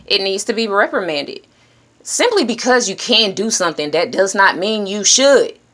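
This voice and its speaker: A woman giving an earnest, encouraging self-help talk straight to her viewers. She speaks directly and plainly, now and then dropping into hushed shushing. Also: mid-range voice, expressive, normal speed. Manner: drops to a hushed whisper when shushing. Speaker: vlogger.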